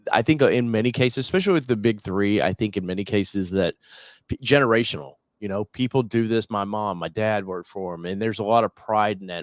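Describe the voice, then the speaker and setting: Male host, low voice, dry close sound, rambling and excitable, casual live chat. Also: no room sound. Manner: rambling, excitable, restarts often. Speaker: show host.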